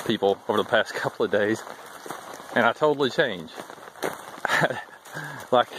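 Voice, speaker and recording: A man vlogging casually as he hikes a trail, chatty and wry, thinking out loud. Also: medium pitch, background noise. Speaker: thru-hiker vlogger. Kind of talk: casual walking vlog. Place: outdoors on a wooded hiking trail. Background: faint outdoor ambience.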